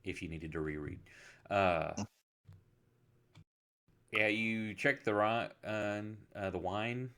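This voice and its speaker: Guy running a tabletop game, lowish voice, kinda halting, lots of restarts. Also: bright, forceful tone. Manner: casual, halting, many restarts. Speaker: game master.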